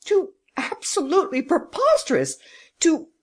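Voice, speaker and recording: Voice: mid-range voice, animated, normal speed, close to an everyday voice. A reader voicing an agitated junior lawyer in an audiobook, urgent and given to emotional outbursts. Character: agitated middle-aged male junior lawyer. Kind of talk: audiobook character reading.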